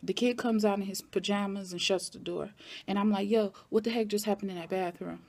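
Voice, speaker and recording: Animated woman recapping a TV episode. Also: medium pitch, fairly quick, gravelly. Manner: animated, talks back at the characters. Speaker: TV recap vlogger.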